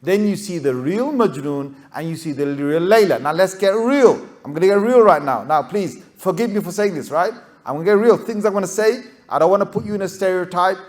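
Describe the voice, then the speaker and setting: A man speaking as an Islamic scholar to young students, animated and rhetorical, often checking in with "right?" and acting out everyday characters. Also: high-pitched, brisk, few pauses. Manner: acts out everyday characters with playful voices. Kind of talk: lively talk to a youth audience.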